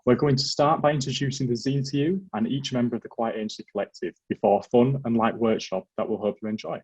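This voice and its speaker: A man's voice: mid-range voice, fast talker, darkish tone, slightly rough, dry recording, muffled recording. A man hosting a student workshop, introducing it in a hesitant way with fillers. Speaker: workshop host. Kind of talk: casual introduction.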